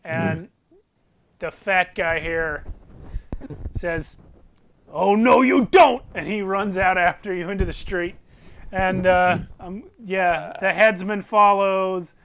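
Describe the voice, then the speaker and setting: A man narrating as game master in a relaxed, chatty way, often laughing. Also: high voice, takes it slowly, clean tone. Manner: easygoing narration with frequent laughs.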